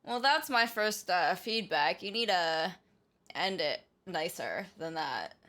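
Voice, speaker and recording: A woman's voice: fairly low pitch, lively intonation, slow, fairly bright tone. A woman co-hosting a music review livestream late at night, tired and a little tipsy, rambling casually with many fillers.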